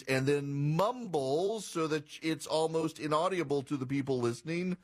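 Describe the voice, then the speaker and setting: A man's voice: fairly high pitch, expressive, slow, few pauses. A man hosting a political talk radio show, giving incredulous, sarcastic commentary and reading passages aloud.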